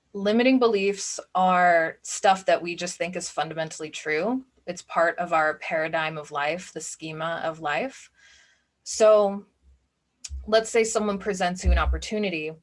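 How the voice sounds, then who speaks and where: A woman coach giving a recorded masterclass in a casual, chatty way, often saying "like". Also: on the low side. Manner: chatty, informal, many "like" fillers. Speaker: business and spiritual coach.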